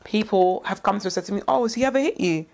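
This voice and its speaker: A woman co-hosting a podcast in casual chat, jumping in with quick interjections and animated retellings. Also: mid-range voice, vocal fry. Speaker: podcast co-host.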